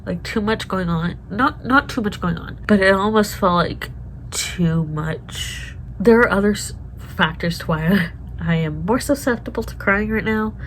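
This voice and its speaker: A woman's voice: medium pitch, a little slow, a bit bright, slight background noise, rough recording. A woman vlogger reacting to a TV show in casual chat, emotional and swearing often as she talks to herself.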